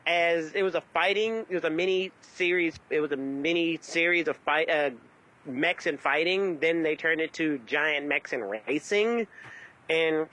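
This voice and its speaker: A man with a fairly high, bright voice, co-hosting a casual podcast. He rambles and restarts his sentences as he explains things at length. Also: a little slow, low-quality recording. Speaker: podcast co-host.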